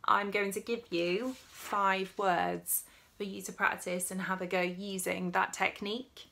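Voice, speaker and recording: A woman speech therapist, giving a gentle teaching demonstration and sounding out words deliberately, syllable by syllable. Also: mid-range voice, level tone, gravelly, a little hiss or hum. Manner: encouraging, gentle instruction. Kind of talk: slow, clear teaching demonstration.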